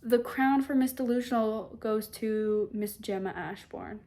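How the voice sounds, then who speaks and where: A woman's voice: fairly high pitch, a little slow, warm tone. A young woman casually summarizing and reviewing a book at home, chatty and sarcastic, with lots of filler words. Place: home with a cat nearby.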